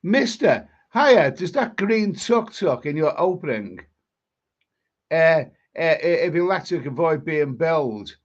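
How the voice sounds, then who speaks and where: Scouse guy rambling on his live stream, kinda high voice, stammery, dull lo-fi audio. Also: very animated, takes it slowly. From England. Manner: rambling, chatty, many restarts and stammers. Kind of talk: casual live stream chat reading viewer comments.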